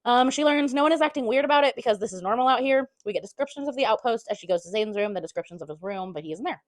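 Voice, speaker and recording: A woman's voice: on the high side, lively intonation, racing, dry recording. A woman giving a casual chapter-by-chapter book recap, chatty, throwing in blunt swearing asides and half-acting the characters' lines.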